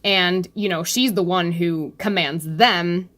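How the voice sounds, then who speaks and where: A woman's voice: on the low side, takes it slowly, a bit bright. A woman chatting casually about a webcomic, rambling off topic, laughing often and saying "like" a lot. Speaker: youtuber discussing a webcomic. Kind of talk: casual chat.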